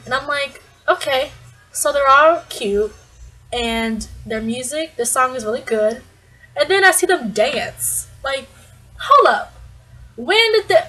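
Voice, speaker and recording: A woman's voice: a little high, sharp tone, poor audio. Bubbly gushing young woman vlogger. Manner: bubbly, gushing, lots of likes and restarts. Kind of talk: casual fan vlog storytelling.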